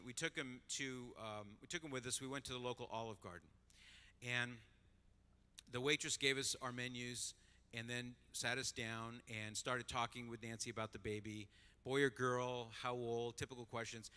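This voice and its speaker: A middle-aged man tells a story to a conference crowd. His voice is very bright and forceful, and he plays out each scene with a lot of life. A long reverb from the large hall trails after his words. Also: medium pitch, smooth. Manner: animated storyteller, acts out voices. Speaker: conference speaker. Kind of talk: storytelling talk to an audience.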